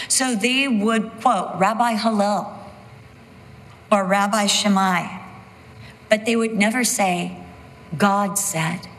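Slow, emphatic woman preaching in a hall. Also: medium pitch, fairly bright tone. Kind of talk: sermon.

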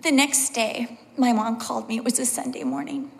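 A woman's voice: fairly high pitch, fairly even intonation, normal speed, creaky. A middle-aged woman giving a sermon as a Bible teacher, telling personal stories and acting out the quotes. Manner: personal storytelling with acted quotes. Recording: long hall reverb.

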